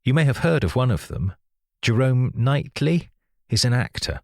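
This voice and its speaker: A man's voice: medium pitch, very animated, moderate pace, vocal fry, no echo, clean studio sound, pitched above the performer's own voice. A man voicing an outgoing young husband who talks with enthusiasm, in an audiobook reading. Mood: enthusiastic. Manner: enthusiastic, chatty.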